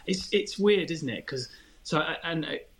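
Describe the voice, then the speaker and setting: A man's voice: on the high side, lively intonation, normal speed, slight background noise. A man, a podcast guest chatting casually and telling candid, self-deprecating stories. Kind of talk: casual chat.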